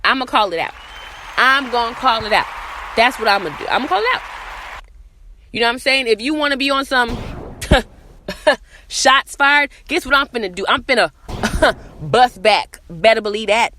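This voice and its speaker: A woman's voice: fairly high pitch, expressive, a little fast, bright, forceful tone, a faint crowd, slight background noise. A woman hosting a solo podcast outdoors, talking bluntly and profanely and hammering home rhetorical questions. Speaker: podcast host. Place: outdoors in morning sun.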